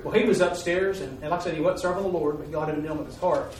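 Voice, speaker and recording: A man's voice: a little high, fairly even intonation, very fast, a little mellow. A man preaching, telling a mission story in a folksy, repetitive way with emphatic peaks. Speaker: preacher giving a mission report. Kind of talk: sermon storytelling. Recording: echoey hall, far-off mic, faint noise.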